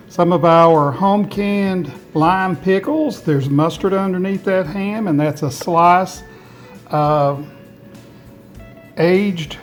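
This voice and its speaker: A man hosting a home gardening channel, chatting in a folksy, homespun way while he shows food he made in his home kitchen. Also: high voice. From Tennessee, USA. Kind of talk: casual food demonstration.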